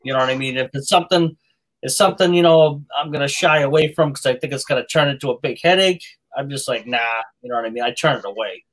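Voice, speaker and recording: Halting man with a Massachusetts accent. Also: mid-range voice, a bit bright, poor audio. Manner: halting, many fillers and repeated words. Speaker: live stream host. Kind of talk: casual chat.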